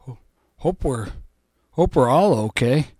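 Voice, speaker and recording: A man hosts a music show from his basement studio, drifting from one thought to the next in an easy, playful way. His pace is unhurried and his pitch sits in a middle range. The sound is close and dry, with almost no room echo. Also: animated, darkish tone, breathy edge. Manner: rambling, playful and loose. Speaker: radio show host. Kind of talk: casual radio chat between songs. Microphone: studio microphone.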